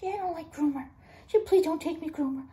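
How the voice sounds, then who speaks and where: A woman's voice: very high voice, fast, mellow, voice pushed up. A woman voicing her small female pet dog in a whispered role-play, with broken baby talk. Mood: pleading.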